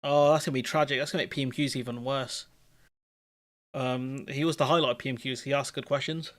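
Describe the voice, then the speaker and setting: A man with a mid-range voice co-hosts a live stream, speaking briskly as he chats casually and offers relaxed, opinionated political commentary.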